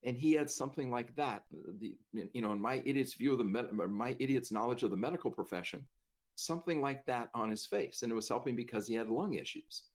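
A man's voice: mid-range voice, a little fast, darkish tone. A man telling a personal story in a casual, self-deprecating way, laughing now and then as he talks. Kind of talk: conversational storytelling.

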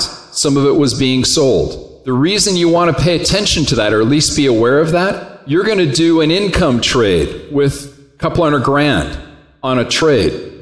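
A man teaching a trading class in a conversational way, often putting questions to the room. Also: fairly high pitch. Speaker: trading instructor. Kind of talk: classroom lecture. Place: classroom or lecture hall. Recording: echoey hall with long reverb.

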